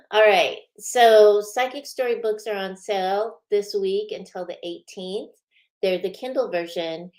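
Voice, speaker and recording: A woman hosting a spiritual show, chatting casually with many fillers and frequent laughs. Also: fairly low pitch. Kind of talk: casual live-stream chat.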